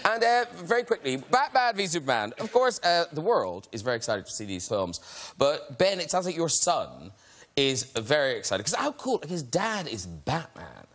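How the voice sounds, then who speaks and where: A man hosting a chat show, teasing his guests and quick to laugh. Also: fairly high pitch, sing-song. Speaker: talk show host. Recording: loud studio audience and noise.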